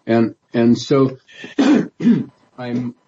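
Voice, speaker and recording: A man's voice: mid-range voice, flat delivery, drawn-out words, mellow, lo-fi sound, a little hiss or hum. A man, a politician guest in an interview, telling his story in a rambling way with many restarts and fillers. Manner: rambling, many restarts and "you know", laughs often.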